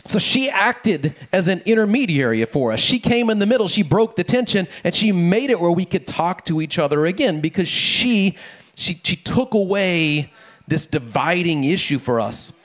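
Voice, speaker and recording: A middle-aged pastor with a somewhat high voice preaching in a relaxed, conversational way. He stumbles over and repeats words and keeps checking in with his listeners. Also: moderate pace. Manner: conversational, repeats words, asks "right?" often. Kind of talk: casual sermon with family stories.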